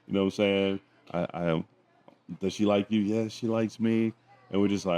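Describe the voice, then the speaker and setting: A man with a lower-than-average voice talks in a laid-back way as he co-hosts a casual chat. He tells stories and slips into the voices of his family as he talks. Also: moderate pace. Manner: relaxed storytelling, acts out family dialogue. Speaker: podcast co-host.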